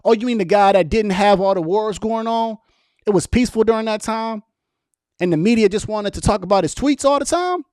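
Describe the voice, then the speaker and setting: A young man hosts a casual political livestream, talking straight to his viewers and firing back at their chat comments. His voice sits a little high and his delivery is animated and argumentative. The sound is dry, with little room echo. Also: a little fast. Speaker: political vlogger reading live chat.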